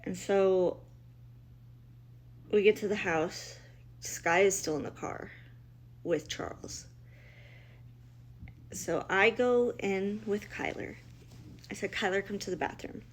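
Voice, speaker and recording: A woman's voice: mid-range voice, takes it slowly, pauses often. Blunt, emotional woman telling a story. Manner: emotional, blunt, quotes others in dialogue, many restarts. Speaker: mother telling her family's story. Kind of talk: personal storytelling.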